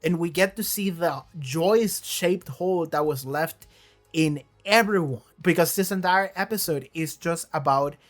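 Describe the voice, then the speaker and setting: An impassioned reviewer talks through a show in a loose, casual monologue, full of restarts and the odd swear word. The voice sits at a middling pitch, and soft music plays underneath. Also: unhurried. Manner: enthusiastic and emotional, with many restarts and swearing. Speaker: video reviewer.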